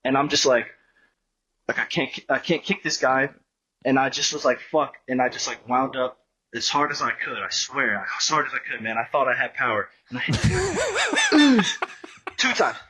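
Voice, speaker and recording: A man's voice: mid-range voice, brisk, bright, forceful tone, slight background noise, low-quality recording. A man guesting on a podcast, telling a long story in a rambling, profane, casual way and acting out what people said. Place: podcast studio.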